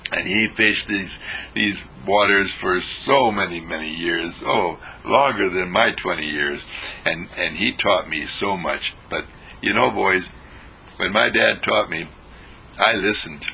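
A man telling a spiritual story in a rambling way, pausing and repeating words. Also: sits low, sharp tone, slight background noise, rough recording.

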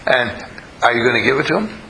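A man's voice: mid-range voice, lively intonation, fast talker, bright, forceful tone, slight background noise, low-quality recording. A man leading a live group, questioning and coaxing the audience and telling stories as he teaches. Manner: storytelling. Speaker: group leader teaching a class. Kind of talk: interactive talk to a live group.

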